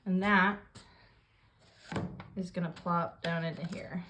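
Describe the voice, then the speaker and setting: A woman with a somewhat low voice guides the listener through a paper craft project. She talks calmly and plainly, describing each step while her hands are busy with the work. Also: slow pace, noisy background. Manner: calm step-by-step instructions while working. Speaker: craft tutorial host.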